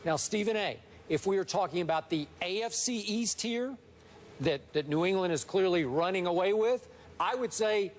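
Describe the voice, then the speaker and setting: Dry argumentative guy, sports debate show, kinda high voice. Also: lively intonation, moderate pace, a little hiss or hum.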